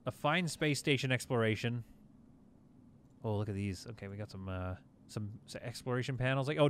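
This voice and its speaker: Chatty man narrating a game. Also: mid-range voice. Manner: chatty, excitable, laughs often. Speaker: gaming YouTuber. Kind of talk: casual let's-play commentary.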